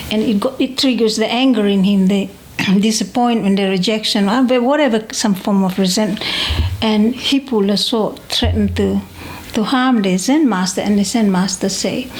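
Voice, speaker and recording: A woman's voice: mid-range voice, fairly even intonation, a little hiss or hum, rough recording. A woman in casual conversation as interviewer, thoughtful, often stopping to restart her sentences. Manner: reflective, halting with many restarts.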